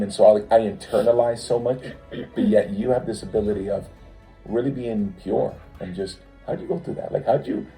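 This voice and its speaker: Man, very dark mellow tone, gravelly, reflective, searching for words, faint background music. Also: fairly low pitch, moderate pace, poor audio. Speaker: co-host, her husband. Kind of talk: heartfelt personal conversation.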